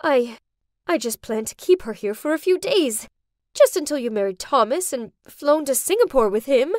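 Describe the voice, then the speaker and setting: A woman voicing an anxious, stammering middle-aged mother in an animated story. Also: high-pitched, normal speed, no room sound, studio quality. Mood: pleading. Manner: hesitant, pleading.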